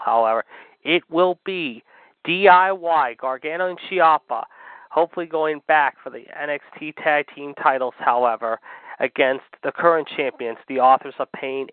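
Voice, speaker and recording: Man, wrestling news reporter, fast hype delivery, filler-heavy, tinny dry phone line. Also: on the high side, clear, resonant tone, no echo. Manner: repeats "however" constantly, hyped announcer delivery.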